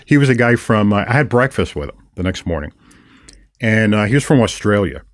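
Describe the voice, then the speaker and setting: An older man hosts a casual podcast, telling stories with animated retellings of the people he met. His voice sits low, and the recording is close and dry with no room sound. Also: a little fast, no room sound. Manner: storytelling, animated retelling of encounters. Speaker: podcast host. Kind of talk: casual conversation.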